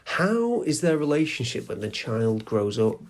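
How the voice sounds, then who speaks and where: Gravelly-voiced man chatting casually. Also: medium pitch, very animated, moderate pace. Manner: chatty, asks his co-host questions. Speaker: podcast co-host. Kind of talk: casual chat.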